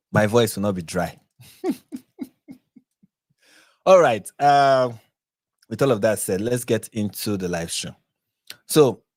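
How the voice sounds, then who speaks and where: A man with a Nigerian accent hosting a live reaction stream, chatty and quick to laugh, often restarting and correcting himself. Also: fairly low pitch, darkish tone, dry recording, studio quality. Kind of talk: casual live-stream commentary.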